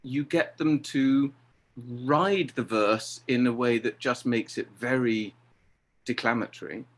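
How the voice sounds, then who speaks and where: A middle-aged man talking about directing, lively and acting out exchanges he quotes. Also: mid-range voice, takes it slowly. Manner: animated, acts out quoted exchanges. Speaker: theatre director. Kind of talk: conversational interview.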